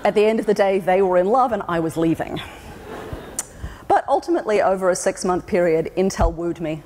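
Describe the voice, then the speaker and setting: A woman's voice: fairly low pitch, animated, fairly quick, darkish tone, slight background noise. An Australian woman giving a humorous conference talk, telling wry stories and acting out other people's voices. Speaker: keynote speaker. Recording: hall with long reverb.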